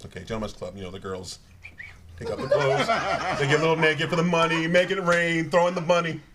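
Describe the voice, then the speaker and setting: A man telling rambling, animated comic stories on stage as a guest, stumbling over his words and laughing as he goes. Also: on the high side, fast, crowd noise. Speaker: guest comedian. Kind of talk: live comedic storytelling.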